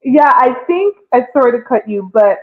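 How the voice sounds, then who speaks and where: A woman's voice: a little high, animated, moderate pace. A woman hosting a casual relationship talk show, speaking expressively and addressing the listeners directly. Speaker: host. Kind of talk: casual podcast discussion. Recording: tinny phone-like sound.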